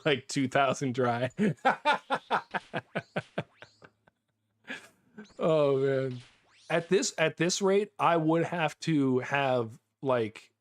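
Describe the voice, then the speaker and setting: An American man with a mid-range voice streams a game live, sounding excitable and chatty as he repeats himself and laughs often.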